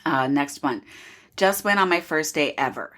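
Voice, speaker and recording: A woman co-hosts a podcast, animatedly telling stories in casual conversation and laughing frequently. Her voice is low-pitched and moves at a moderate pace.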